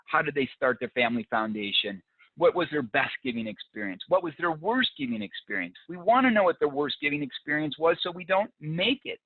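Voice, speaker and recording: A man with a mid-range voice hosts a live fundraising webinar, speaking with enthusiasm and reading audience ideas from the chat aloud as they arrive. The recording is dry, with a narrow, phone-like sound.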